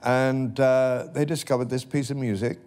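A man, an actor guest, telling an anecdote in a halting way during a live onstage interview. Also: medium pitch, steady tone, darkish tone. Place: stage before a live audience.

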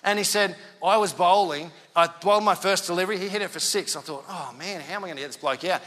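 A male pastor tells a story in a conversational sermon, animated and acting out the quoted dialogue. His voice is high and his pace quick, with hardly any pauses, and a long reverb tail trails his words.

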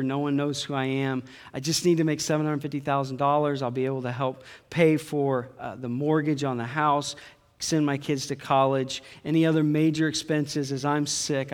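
Preaching man in a reverberant hall. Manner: emphatic preaching, swings between soft low asides and loud high climaxes. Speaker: pastor. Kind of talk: sermon.

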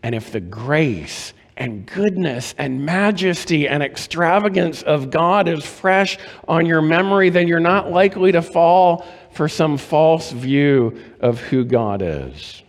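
A man preaching a sermon as pastor, measured and deliberate, asking rhetorical questions of his congregation. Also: on the high side, animated, big-room sound.

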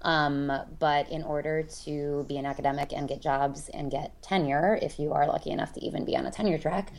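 A woman who teaches college and yoga, co-hosting a podcast in relaxed casual chat. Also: low voice, brisk.

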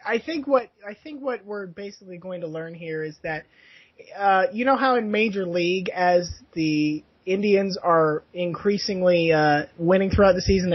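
A man from Tampa with a husky voice tells jokes in a flat, dry way during casual sports chat. The recording sounds dull and lo-fi. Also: sits high, no room sound. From Tampa, Florida. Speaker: podcast co-host. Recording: dull lo-fi podcast audio.

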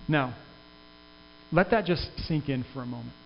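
Pastor preaching in a reverberant hall. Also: male voice, mid-range voice, unhurried, creaky. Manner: conversational, earnest, with frequent restarts. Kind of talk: sermon. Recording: dull sound with long reverb and faint hum.

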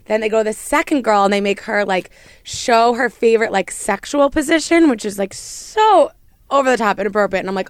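A woman's voice: mid-range voice, quick pace, smooth, no echo. A woman co-hosting a talk show, telling a long weekend story in a chatty way full of "like". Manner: chatty, lots of "like". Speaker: co-host. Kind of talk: casual storytelling chat.

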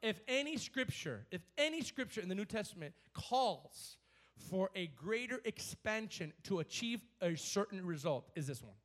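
A man with a notably high voice delivers a lively church sermon. He talks fast and excitedly, repeating words as he builds up, and he acts out scripture passages with laughter. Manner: energetic preaching, repeats words, dramatizes scripture quotes with laughs. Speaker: pastor.

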